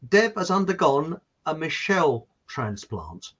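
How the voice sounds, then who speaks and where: A man's voice: on the high side, big pitch swings, measured pace, a bit bright, rough recording. A man from Hertfordshire with an estuary English accent, hosting a casual chat show and rambling cheerfully. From Hertfordshire, England. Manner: chatty, rambling, laughing often. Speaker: host.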